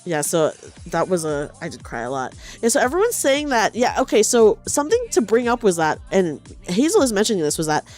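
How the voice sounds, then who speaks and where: A young woman hosting a casual stream chat, animated, swearing freely and trailing off into soft mumbles. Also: mid-range voice, brisk, hardly any pauses, soft background music. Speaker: streamer host.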